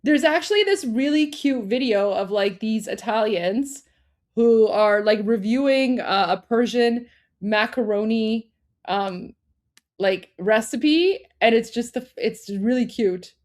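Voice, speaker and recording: A woman's voice: on the high side, slow, darkish tone. Chatty woman hosting a livestream. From Iran. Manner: chatty, with many fillers and restarts, laughing often. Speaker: livestream co-host. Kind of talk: casual livestream chat.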